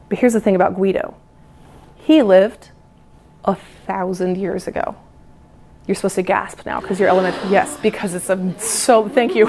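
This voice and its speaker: A woman, a music teacher, giving a lively storytelling lesson to other teachers and acting out how children react. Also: mid-range voice, normal speed. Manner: animated, playful, acts out children's reactions.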